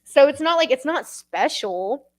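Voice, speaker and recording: A woman's voice: sits high, lively intonation, unhurried. A young woman hosting an interview, talking in a candid, rambling way that is full of swearing and emotion. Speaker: host.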